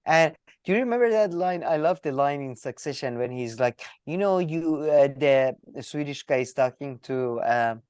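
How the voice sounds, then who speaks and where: A woman co-hosting a casual podcast, animated and laughing, slipping into voices. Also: deep voice, moderate pace, few pauses, clean tone, dry recording. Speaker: podcast co-host.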